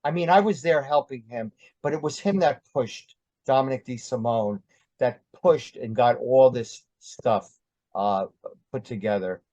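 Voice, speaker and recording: An older man tells his story in a loose, meandering way and keeps pausing on ums and uhs. The sound is dry and a little dull, with no room tone. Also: mid-range voice, a little mellow, dry recording. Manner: rambling, many ums and uhs. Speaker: interview guest. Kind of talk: casual storytelling.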